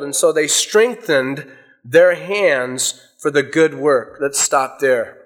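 Man, high voice, preacher, scripture reading, folksy asides. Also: slow pace, a bit bright. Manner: reads scripture aloud, then explains it with illustrations.

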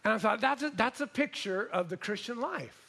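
A man preaching a sermon, telling a story in an animated way and praying. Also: sits high, fairly quick, vocal fry. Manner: storytelling, animated, imitates voices.

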